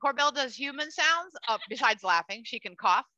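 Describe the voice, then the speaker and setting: A woman hosting a live educational bird show for children, chatty and animated, cooing at the bird and talking to the audience. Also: a little high, moderate pace, no echo. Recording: dull lo-fi dry sound.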